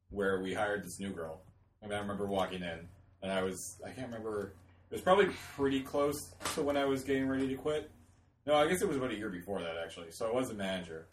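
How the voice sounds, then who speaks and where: A man co-hosting a casual podcast chat, telling a story in a laid-back, lively way. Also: on the low side, distant mic, a little hiss or hum. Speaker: podcast co-host. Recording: roomy sound from off-mic.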